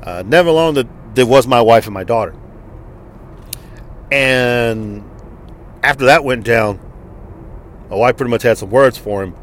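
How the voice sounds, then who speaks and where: A man's voice: medium pitch, measured pace, pauses often, a bit bright, slight background noise. A man from Texas telling a personal story in a frank, conversational way, with blunt swearing. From Texas, United States. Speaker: interviewee.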